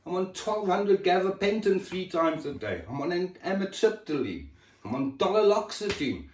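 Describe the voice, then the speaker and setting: A man's voice: high-pitched, big pitch swings, normal speed, darkish tone, far from the mic. A man pouring out his health struggles in an emotional, raw, sweary chat. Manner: raw, emotional and swearing, with sudden drops in level. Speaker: person sharing his health story. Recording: echoey room, voice set back from the mic.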